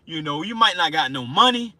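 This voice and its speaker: A man preaching an informal sermon, fervent and emotional, repeating himself and slowing down to read scripture aloud. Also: fairly high pitch, lively intonation, sharp tone, no echo. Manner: emotional, fervent, repetitive, slows down reading scripture. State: excited and sweating.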